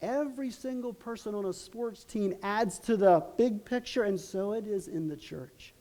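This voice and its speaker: Earnest and halting, this middle-aged man tells stories while preaching as pastor, restarting frequently. He has a high-pitched, mellow voice.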